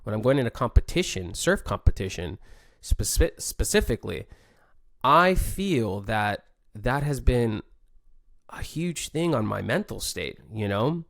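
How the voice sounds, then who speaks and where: A man's voice: mid-range voice, very animated, a little slow, creaky, a bit bright, no echo, studio quality. A young man hosting a podcast, thinking aloud in a casual, rambling monologue full of fillers and restarts. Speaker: podcast host, competitive surfer.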